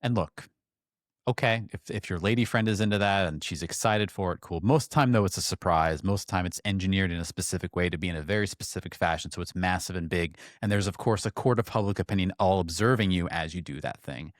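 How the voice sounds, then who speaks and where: A low-voiced man co-hosts a podcast and cuts in with earnest, animated points. He is recorded close and dry. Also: brisk, no echo. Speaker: podcast co-host. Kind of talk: casual discussion.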